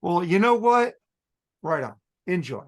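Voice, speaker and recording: An outspoken man co-hosts a rock podcast in loose, casual chat. His voice sits high for a man and has a gravelly fry. He states his opinions flatly and laughs often. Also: measured pace. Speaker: podcast co-host. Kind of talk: casual chat about music.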